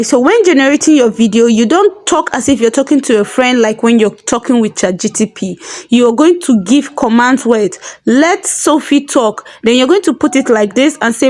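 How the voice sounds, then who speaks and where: A woman hosting a tutorial, patiently explaining each step and repeating key points. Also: fairly high pitch. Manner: patient, instructive, repeats herself. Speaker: tutorial host.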